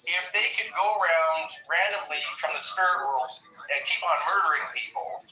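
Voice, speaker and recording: A man's voice: on the high side, moderate pace, bright, forceful tone, echoey room, far from the mic, a little hiss or hum, low-quality recording. A man talking casually on a podcast, rambling and acting out quoted lines as he goes. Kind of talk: casual chat about movies and the paranormal.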